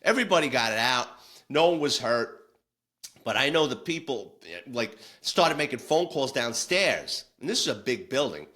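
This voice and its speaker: A man's voice: mid-range voice, expressive, normal speed, bright, forceful tone. A man, a former police detective telling war stories in a casual, blunt, salty way with frequent restarts. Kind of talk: casual storytelling.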